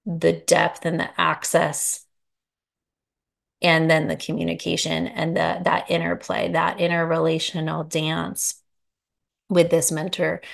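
Solo podcast host, female; low gravelly tone, a little breathless, slow and searching, frequent restarts. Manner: soft, unhurried, searching for words with many restarts. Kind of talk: reflective solo podcast talk.

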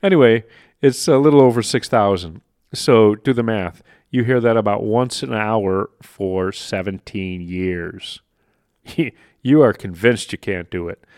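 Excited low-voiced motivational podcast man. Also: a little slow, no echo, studio quality. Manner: animated, acts out inner voices, laughs at himself. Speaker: podcast host. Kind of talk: motivational solo podcast talk.

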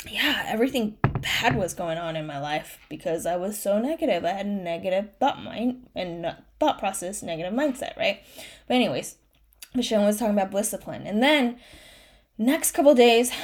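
A young woman hosting a solo podcast, talking candidly and emotionally about her struggles, encouraging herself and her listeners, often tearful. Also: mid-range voice. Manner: candid, self-encouraging, with frequent fillers and restarts. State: tearful at times. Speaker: podcast host.

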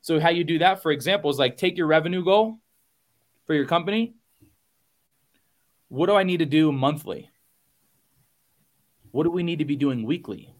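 A man's voice: a little high, expressive, moderate pace, pauses often. A man with a slightly raised voice gives a motivational talk as a business coach on a podcast. He is emphatic and punchy, stacking repeated phrases, and talks casually to his listeners. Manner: casual, addresses listeners as y'all.

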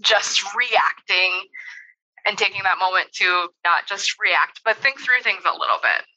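A woman's voice: mid-range voice, normal speed, poor audio. A woman in her thirties, a developmental therapist, telling a parenting story in a conversational interview, laughing often and acting out what she said. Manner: animated storytelling, laughs often, acts out her own quoted lines.

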